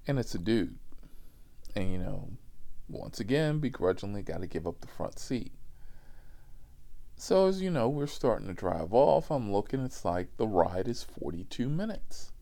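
A man spinning a funny rideshare story in a lively, swooping voice that stays mellow. He swears freely and breaks off for asides. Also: fairly low pitch, normal speed. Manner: animated, profane, many asides. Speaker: rideshare driver. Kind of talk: casual comic storytelling.

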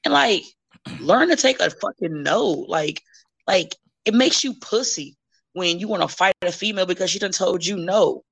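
A woman in her thirties, a wrestler guesting on a podcast, chatting bluntly and profanely with animated storytelling. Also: on the low side, moderate pace, creaky, husky. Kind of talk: casual chat.

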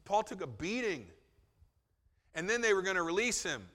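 Male pastor, slightly high, bright tone, chatty sermon with jokes, long hall reverb. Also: very animated, normal speed. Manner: conversational, joking asides, acts out quotes.

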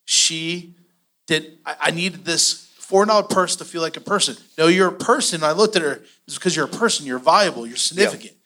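A middle-aged man teaching a church finance class, telling stories with animated, acted-out quotes. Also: a little high, brisk. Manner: animated storytelling, acts out quotes.

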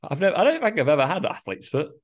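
A man's voice: fairly high pitch, wildly swooping pitch, racing. A young man co-hosting a podcast in loose, chatty banter, swearing and laughing often. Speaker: podcast co-host.

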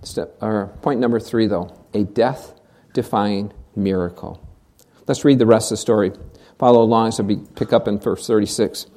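A pastor preaching a sermon, asking rhetorical questions, stumbling over and repeating words as they restart, and dropping to a hushed, almost whispered voice for emphasis. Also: mid-range voice, steady tone, normal speed.

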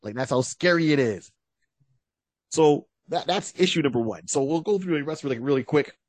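A man's voice: a little high, animated, brisk, no echo. A man co-hosting a podcast, retelling a story in a casual, rambling way with many fillers. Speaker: podcast co-host. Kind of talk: casual chat.

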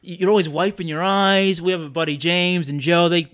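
Male podcast co-host, high voice, whiny, riffing, comic. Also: fairly even intonation, a bit bright. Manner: whiny, self-pitying, quick to riff. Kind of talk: casual comedic banter.

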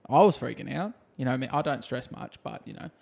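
Australian male co-host, mid-pitched, rambling casual storyteller, swears a lot. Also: lively intonation, fast, vocal fry, darkish tone, breathy edge. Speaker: podcast co-host. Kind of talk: casual chat.

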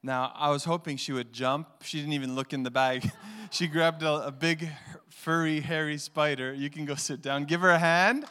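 A man's voice: on the high side, normal speed, few pauses, smooth. A man preaching a sermon as pastor, telling stories and acting out the voices in them. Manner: animated storyteller acting out voices. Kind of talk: sermon with storytelling. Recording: long hall reverb.

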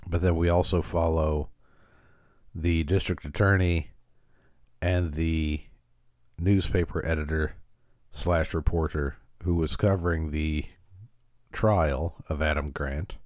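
A man's voice: extremely low pitch, fairly even intonation, slow pace, long pauses, darkish tone, no echo, studio quality. A man hosting a podcast, casually recapping an episode with frequent fillers and restarts. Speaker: podcast host.

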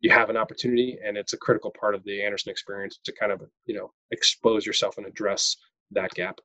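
A man's voice: on the low side, level tone, fast talker, sharp tone, no room sound, low-quality recording. A man from Wisconsin, a guest on a podcast, speaking earnestly with loose fillers. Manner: earnest, loose with "you know" and "like". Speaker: guest, recent MBA graduate. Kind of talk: conversational interview.

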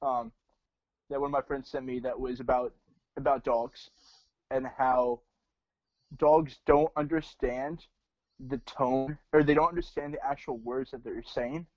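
A man's voice: medium pitch, fairly even intonation, measured pace, no echo. A man chatting casually from home, laid-back and joking, with lots of filler words. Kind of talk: casual chat. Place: home, working remotely. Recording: dull dry sound.

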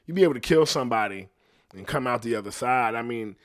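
A man hosting a podcast in a casual, profane rant, rambling and trailing off quietly, often laughing at himself. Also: mid-range voice, expressive, fast. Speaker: podcast host.

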